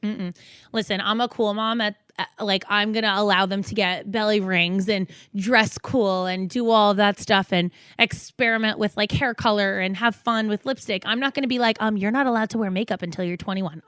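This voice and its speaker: A woman's voice: medium pitch, moderate pace, a bit bright, smooth, dry recording. A woman on a podcast talking frankly about raising her kids, swearing freely and acting out what she and her children say. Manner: blunt, frank, swears freely, acts out quotes. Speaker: podcast host, mother. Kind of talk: casual podcast chat.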